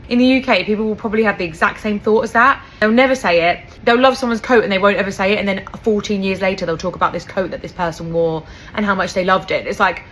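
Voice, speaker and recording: A woman's voice: medium pitch, a little fast, hardly any pauses, a bit bright, slight background noise. A woman from the UK with a British accent, talking casually to camera and comparing habits with amused exasperation. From United Kingdom.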